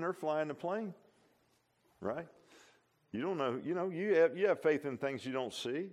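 A man, preaching a sermon in a folksy, conversational way. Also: mid-range voice.

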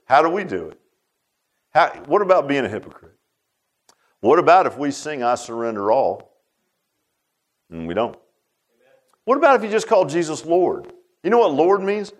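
A man preaching a conversational sermon, firing rhetorical questions and swinging between loud and hushed. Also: fairly high pitch, big pitch swings, moderate pace, long pauses.

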